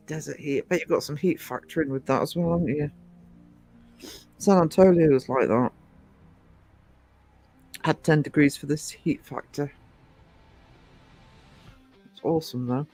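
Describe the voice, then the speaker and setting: A man with a somewhat high-pitched voice chats loosely through a livestream, restarting sentences and greeting viewers along the way. His talk wanders from one thought to the next in an easy, conversational way. Faint music plays in the background. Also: a little mellow. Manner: rambling, chatty, self-interrupting. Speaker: livestream host.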